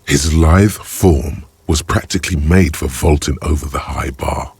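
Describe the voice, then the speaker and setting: A man voicing the grave, wry narrator of a video game, giving theatrical inner commentary in a gravelly voice. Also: a bass voice, unhurried, a little mellow, no echo, full character voice. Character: grave omniscient male narrator voice, the detective's inner skills. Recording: game audio with faint music.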